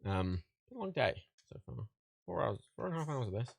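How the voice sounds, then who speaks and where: A man's voice: medium pitch, very animated, brisk, creaky, breathy edge, no room sound. A young man, tired and rambling, swearing and laughing at himself on a casual livestream. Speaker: livestream host.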